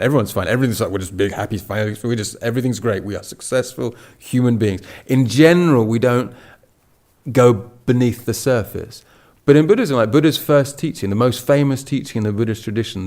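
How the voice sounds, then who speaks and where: A man giving a relaxed Buddhist talk, telling a story with many restarts. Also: medium pitch. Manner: storytelling with restarts and acted quotes. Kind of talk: casual spoken dharma talk.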